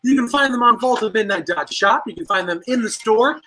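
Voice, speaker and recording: A man's voice: sits high, expressive, brisk, bright, forceful tone, rough recording. A young man hosting a livestreamed trivia night, joking around and reading out viewers' guesses. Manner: playful and jokey, rattling off viewer guesses.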